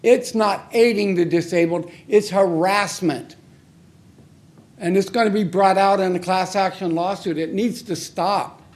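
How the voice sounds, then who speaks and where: A man's voice: high-pitched, a little slow. A man speaking during public comment at a city council meeting, angry and accusing, repeating himself in short, blunt phrases into a podium microphone. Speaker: member of the public giving comment.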